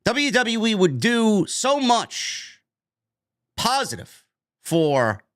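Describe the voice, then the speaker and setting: A man with a rather high voice rants about the news as a podcast host. He is emphatic and blunt and swears without holding back. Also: a bit bright. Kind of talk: opinionated news rant.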